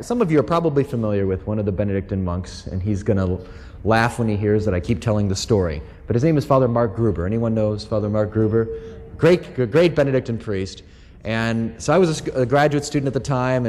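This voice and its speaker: A middle-aged American man giving a Catholic talk to a live audience, telling stories and acting out the voices of people he quotes. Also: fairly low pitch. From United States. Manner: lively storyteller who acts out quoted voices. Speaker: Catholic speaker. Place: large hall. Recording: long hall reverb.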